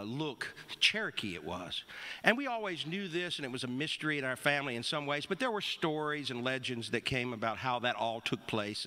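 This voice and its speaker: A middle-aged man telling a wry, rambling story on stage between songs, with halting restarts. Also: medium pitch, bright, forceful tone.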